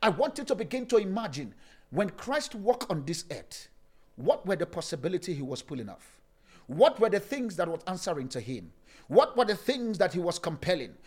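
A male pastor preaches with a strikingly high, lively voice that swings up and down in sing-song phrases. He stresses points emphatically, then slows and softens them almost to a hush. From Africa. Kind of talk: sermon.

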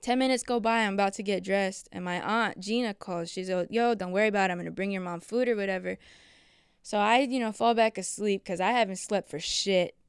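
A young woman recounting a painful family memory in loose, profane, conversational speech. Her voice is exceptionally clear and smooth, and the sound is dry and close with no room around it. She tells it in casual chat. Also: medium pitch, no echo. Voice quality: emotional, profane, quick storytelling.

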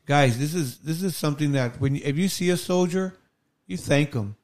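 A man's voice: on the high side, brisk, darkish tone. A man hosting a podcast, speaking earnestly and casually. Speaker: podcast host. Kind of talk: casual chat.

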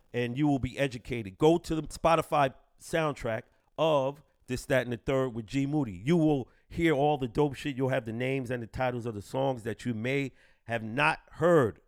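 A man's voice: medium pitch, smooth, dry recording, clean studio sound. A man hosting a podcast, talking in a brash, boastful, profane way. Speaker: podcast host. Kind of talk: profane casual commentary. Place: home studio in the Bronx.

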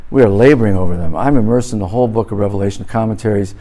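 A man's voice: on the low side, racing, mellow. A middle-aged man, a pastor, preaching a sermon before a live audience, telling a humorous story with comic exaggeration and then moving into a blessing.

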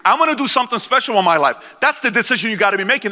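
Man in his 40s, motivational keynote, bright forceful tone, intense and preachy, long convention-hall reverb. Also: high-pitched, expressive, racing, hardly any pauses. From born in Iran, raised in the United States. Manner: intense, preachy, repeats lines for emphasis. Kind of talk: live motivational speech to a crowd. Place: large convention center hall.

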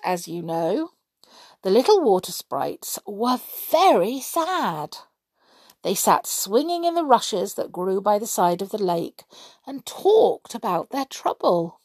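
Eine Frau liest langsam und mit lebhafter Stimme ein Kindermärchen vor, sanft und ausdrucksvoll. Die Aufnahme klingt trocken und nah. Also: female voice, medium pitch, unhurried, slightly rough, no echo. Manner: gentle, expressive storybook reading. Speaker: storyteller. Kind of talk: reading a children's story aloud.

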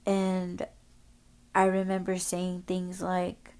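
A woman's voice: lowish voice, fairly even intonation, slow pace, gravelly. A woman podcast host telling a story casually, rambling, swearing often and using lots of filler words.

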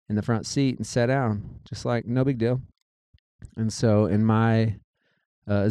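A man telling a personal story in a casual, animated way, acting out what people said. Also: fairly low pitch, smooth, dry recording. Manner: animated, quotes people in their own voices.

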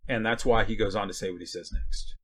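A man's voice: fairly low pitch, fairly even intonation, quick pace. A man giving a conversational Bible teaching, blunt and folksy, full of rhetorical questions and asides.

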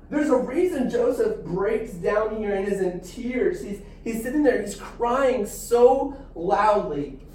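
A young man teaching a Bible class in a lively, animated way, acting out the story with restarts and asides. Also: high-pitched, a little hiss or hum. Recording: echoey room from far off.

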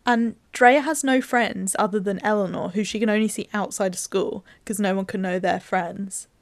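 Woman co-host, casual film recap, chatty and storytelling, mid-pitched, dry close sound. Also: normal speed, no room sound. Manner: chatty storyteller, walks through scenes with lots of "like".

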